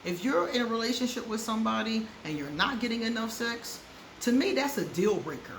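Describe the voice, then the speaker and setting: A woman's voice: a little high, lively intonation, fairly quick. A woman giving frank relationship advice to her viewers in a casual chat, laughing often and repeating words for emphasis. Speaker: astrology advice vlogger. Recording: roomy echo with faint background noise.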